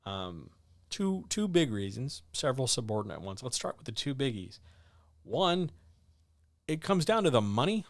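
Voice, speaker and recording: Male livestream host, mid-pitched, blunt and sardonic, dry close mic. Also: moderate pace, dry recording. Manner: blunt, sardonic, animated, with sudden jumps in pitch. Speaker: host of a writing advice livestream. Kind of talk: casual livestream chat answering viewer questions.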